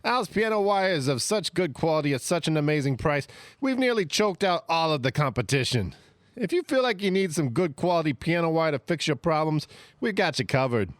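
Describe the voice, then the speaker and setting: A man's voice: lively intonation, brisk, no echo, clean studio sound, close to an everyday voice. A man voicing a shady, cheery wire salesman in a spoof ad, with a put-on accent wandering between Canadian and Italian. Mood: cheery sly. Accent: put-on mix of Canadian and Italian. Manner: chirpy sales pitch with gangster slang. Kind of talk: parody radio ad.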